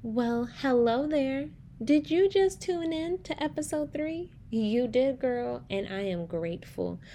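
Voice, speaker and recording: A woman's voice: high voice, animated, takes it slowly. Chatty woman podcast host. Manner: warm, chatty storytelling with preacher-like emphasis. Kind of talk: faith-based podcast talk.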